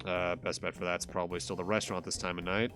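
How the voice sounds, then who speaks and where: A man's voice: low-pitched, level tone, fast, a bit bright, soft background music. A man streaming a game, chatting casually and reading its dialogue aloud, with loose, swearing asides.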